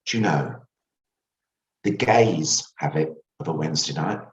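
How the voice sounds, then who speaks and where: A woman's voice: very deep voice, lively intonation, measured pace, muffled recording, pitched below the performer's own voice. A man voicing a blunt, gossiping shopkeeper woman in her seventies, heard in a roomy space from a distant mic. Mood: conspiratorial. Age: 70s. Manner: conspiratorial, blunt and certain.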